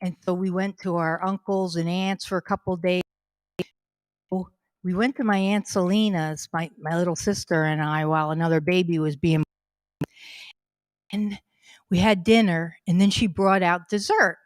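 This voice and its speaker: A woman's voice: lowish voice, steady tone, moderate pace, dry recording. A middle-aged woman telling casual comic anecdotes about her family at a fundraising stream, chatty and laughing through her own stories.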